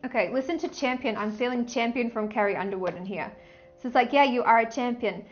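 Woman, high and bubbly, gushing tarot vlogger, dull-ish audio. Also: quick pace, faint music behind. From Australia. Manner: gushing, excitable, breaks into song. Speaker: tarot reader. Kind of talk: casual tarot reading vlog.

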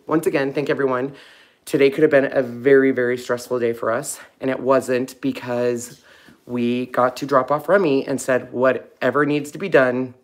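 A man hosting a casual live stream at home, talking fondly to puppies with soft baby talk. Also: medium pitch. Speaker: host of a live puppy stream.

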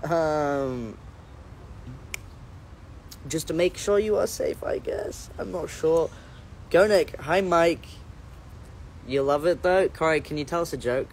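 A man's voice: a little high, slow pace, long pauses, a little hiss or hum. Casual male livestream host; loose, playful, rambling, corrects himself mid-sentence. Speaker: musician hosting a livestream. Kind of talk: casual livestream chat, reading out viewer comments.

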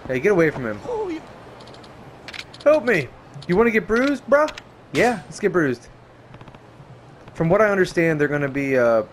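Excitable, foul-mouthed young man gaming. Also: medium pitch, noisy background. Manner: excitable, swears a lot, yelps and laughs at the game. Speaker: gameplay streamer. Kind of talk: casual let's-play commentary. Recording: game music underneath.

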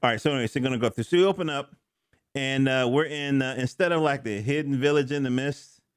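A man's voice: medium pitch, fast talker, clear, resonant tone, no echo, studio quality. A middle-aged man casually reviewing a comic book, rambling with joking asides and self-corrections. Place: home studio.

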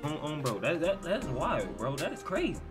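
A man's voice: a little high, very animated, moderate pace, loud music behind the voice. An American man hosting a casual reaction video, talking in disbelief, often repeating himself and tacking "bro" onto his lines. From United States. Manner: incredulous, repeats words and stumbles, says "bro" a lot.

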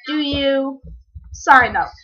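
A woman giving casual, rambling commentary while playing a game, breaking into sudden excited yelps. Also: sits high, very slow, soft background music. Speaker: gamer. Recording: dull lo-fi recording.

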